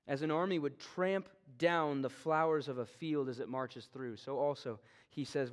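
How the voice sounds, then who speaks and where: A man preaching an expository sermon in an earnest way, his voice often sinking low and quiet at the ends of phrases. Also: steady tone, normal speed, hardly any pauses.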